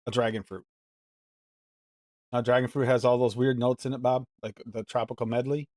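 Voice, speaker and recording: A man's voice: medium pitch, level tone, normal speed, darkish tone, no echo, studio quality. Man musing through a live mixing show. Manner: musing, rambling, reads recipes aloud. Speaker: host mixing recipes live. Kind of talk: casual live-stream chat.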